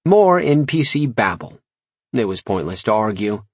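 A man reading a comic first-person audiobook with wry, lively storytelling. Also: on the low side, moderate pace, husky, no echo. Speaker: audiobook narrator.

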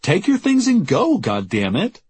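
A man voicing a weary, sharp-tongued young woman running a shop, worn out and in pain, curt and exasperated in the way she speaks. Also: low voice, sing-song, moderate pace, husky, voice pushed up, exaggerated voice. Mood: shouting. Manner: curt, exasperated, raising her voice.

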